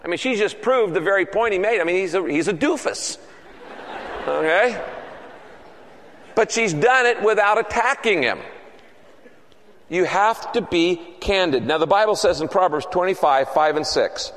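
A man's voice: high-pitched, expressive, moderate pace, long pauses, fairly bright tone, in a large hall. A male pastor preaching a sermon in an earnest, repetitive cadence.

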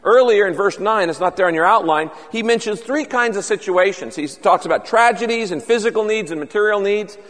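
A man's voice: high voice, brisk, few pauses, fairly bright tone, in a large hall. A man preaching a sermon as pastor, earnest and conversational, reading out prayers as he speaks.

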